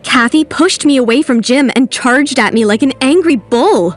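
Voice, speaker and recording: Sarcastic determined teen girl telling her story, high voice. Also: expressive, normal speed, faint music behind. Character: teen schoolgirl narrator, brave and sarcastic. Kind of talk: first-person animated story narration.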